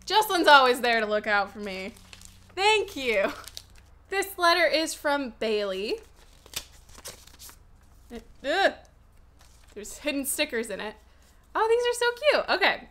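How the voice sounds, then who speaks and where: A woman's voice: on the high side, pushed and bright. A young woman vlogging at home, chatting casually as she opens fan mail and reads the letters aloud, with lots of "like" fillers. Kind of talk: casual unboxing chat. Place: home room with open window.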